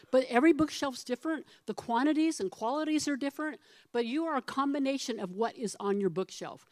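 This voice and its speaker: With a fairly high pitch captured in a dry recording, a middle-aged woman preaches a sermon as pastor. She keeps it animated and conversational, asking the congregation questions and voicing the people in her stories.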